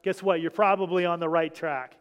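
A man's voice: a little high, fairly even intonation, fairly quick, clean tone. A man preaching an informal sermon, talking to his congregation with many restarts and asides. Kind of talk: informal sermon reading scripture. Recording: long hall reverb.

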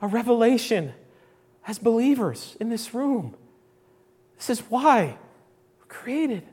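A man with a very high, husky voice preaches slowly yet very animatedly to a congregation in church. Emphatic throughout, he repeats key phrases and moves between loud declarations and soft asides.

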